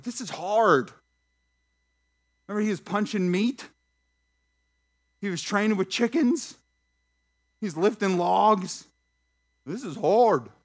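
A man with a fairly high speaking voice preaches to his congregation in church. He keeps things lively, tossing out questions and light jokes as he goes. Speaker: pastor. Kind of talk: sermon. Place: church sanctuary.

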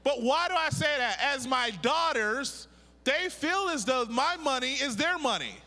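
A middle-aged preacher from Pittsburgh with a very high, bright, ringing voice, giving a lively sermon full of jokes. He keeps calling on the congregation to repeat key words back to him. A long reverb trails his words through the church hall. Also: measured pace. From Pittsburgh, USA. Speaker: pastor and prophet. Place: church sanctuary.

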